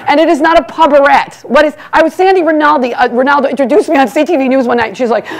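A woman doing a brash stand-up monologue as master of ceremonies, teasing the crowd and talking fast. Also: sits high. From United States. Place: banquet hall before a live audience.

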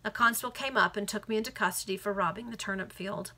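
A woman's voice: mid-range voice, quick pace, sharp tone. A woman earnestly reading a Victorian novel aloud to friends over a video call, now and then correcting a slip. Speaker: reader.

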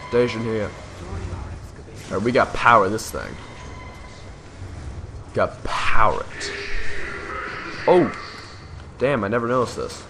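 Slow-talking young gamer man. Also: on the low side, vocal fry, background noise. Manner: excitable, with lots of surprised exclamations. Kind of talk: casual gameplay commentary. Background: game music.

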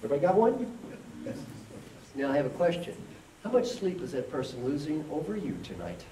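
A man gives a motivational keynote and leads the crowd in call and response. His pitch swings widely. He sounds distant in an echoey hall, over faint background noise. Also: huge pitch swings, a little fast, warm tone. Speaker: keynote speaker. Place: conference hall with an audience.

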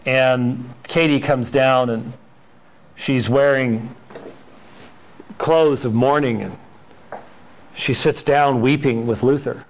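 A man's voice: mid-range voice, fairly even intonation, takes it slowly, pauses often, low-quality recording. Man lecturing a Sunday school class. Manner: conversational lecturing with frequent fillers and restarts; acts out quoted dialogue in storytelling. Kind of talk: church history lecture. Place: church classroom.

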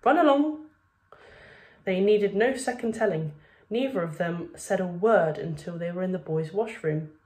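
A woman's voice: on the low side, normal speed, a little mellow. A woman, a primary school teacher reading a children's novel aloud to her class.

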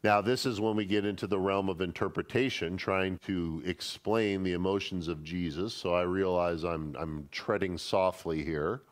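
A man's voice: sits low, fairly even intonation, moderate pace, hardly any pauses. A man, a pastor teaching a Bible study in a conversational, emphatic way. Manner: conversational and emphatic, acting out quoted speech.

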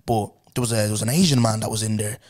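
A man's voice: on the low side, rapid-fire. A young Irish man hosting a podcast, telling stories in casual chat, swearing freely and acting out rows with customers. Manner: animated storytelling, heavy swearing, acts out quarrels. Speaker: podcast host.

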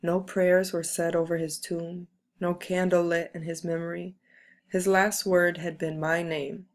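A woman reading a book aloud in a measured, steady way. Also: on the low side. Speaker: reader.

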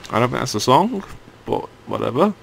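A man's voice: mid-range voice, big pitch swings, fairly quick, creaky, slight background noise. A young man giving casual let's-play commentary, grumbling and swearing when the game annoys him. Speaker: gaming channel host.

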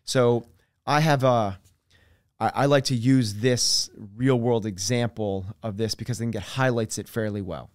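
A man of middle pitch talks as a podcast guest in an earnest, explanatory way. He leans on everyday examples and lowers his voice on key points. The recording is dry and close, with no room sound. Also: fairly even intonation, measured pace, no echo. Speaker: podcast guest, fitness coach. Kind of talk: conversational podcast interview.

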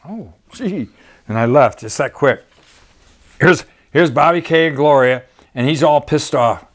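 A man's voice: mid-range voice, unhurried, fairly bright tone. An older man, a documentary photographer, talking casually through his photographs with rambling, folksy asides. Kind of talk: storytelling slideshow talk.

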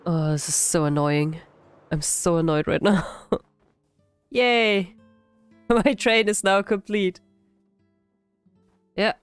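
A woman with a sick, hoarse voice, giving casual, self-deprecating commentary while playing a building game. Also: on the low side, unhurried, long pauses, no echo, soft background music. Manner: self-deprecating, frequent laughs. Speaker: gaming channel host. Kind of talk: casual let's-play commentary.

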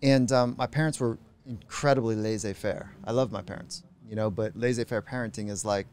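A middle-aged man, a psychologist guest on a podcast, telling stories in a reflective, unhurried way. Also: fairly low pitch, steady tone, a little mellow, clear, resonant tone. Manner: reflective, unhurried, acts out quoted voices. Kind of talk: podcast interview storytelling.

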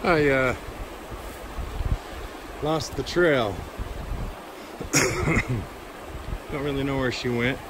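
Hiking and prospecting beside a mountain creek, this male vlogger speaks in a mid-range voice, very slowly and with long pauses. His talk is casual, rambling and relaxed, and he's slightly out of breath. Filmed on a handheld camera outside, the clip picks up wind and the sound of the running creek.

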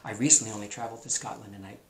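A man's voice: lowish voice, little pitch movement, fairly bright tone. Chatty male teacher in an echoey room. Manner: chatty, enthusiastic, drawn-out emphasis. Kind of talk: remote class lesson. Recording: roomy echo, faint noise.

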